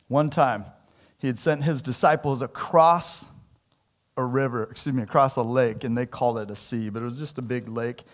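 Middle-aged male pastor, mid-pitched voice, relaxed conversational sermon delivery that acts out the quotes. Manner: conversational preaching, acts out quoted lines with shifts in voice.

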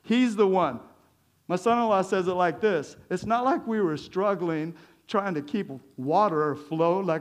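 A male pastor giving a conversational sermon, lively and joking, with chuckles between his points. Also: on the high side, unhurried.

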